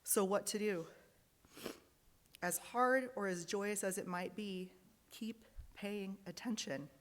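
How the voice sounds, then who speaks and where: Reading slowly in her mid-range voice, a lay worship leader shares the congregation's joys and sorrows in a large fellowship hall, where a long reverb tail follows her words. She comes across as earnest and sometimes emotional.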